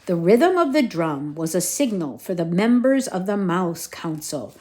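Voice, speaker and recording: A woman reading a children's storybook aloud to her kids in an expressive way. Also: on the low side, unhurried.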